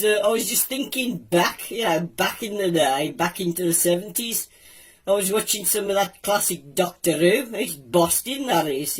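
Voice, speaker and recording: A man's voice: high-pitched, voice pushed up. A man voicing a chatty, nostalgic male Womble from Wednesbury, rambling in a Black Country accent and putting questions to the viewers. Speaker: segment presenter.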